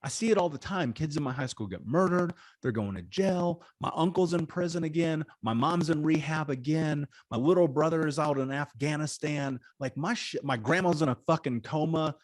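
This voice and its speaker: A man in his thirties from Indiana, a guest in an interview, telling his life story in an animated, slangy way with some swearing. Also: on the high side, normal speed, hardly any pauses, no room sound, studio quality. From Indiana, USA.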